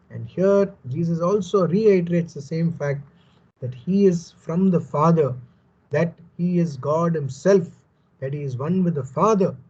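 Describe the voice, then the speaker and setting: Husky, dark-toned man teaching scripture. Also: fairly high pitch, lo-fi sound. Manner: emphatic, repeats key phrases, asks "no?" for agreement. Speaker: Bible teacher.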